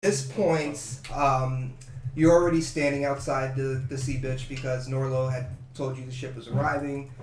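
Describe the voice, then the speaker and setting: A man narrating as game master in a tabletop game, casual and a little halting. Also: mid-range voice, level tone, darkish tone, reverberant, a little hiss or hum.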